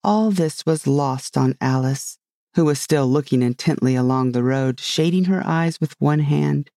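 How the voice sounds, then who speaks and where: A man narrating a storybook at a steady, measured pace. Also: on the high side, vocal fry, no echo, studio quality. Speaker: audiobook narrator. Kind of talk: scripted narration.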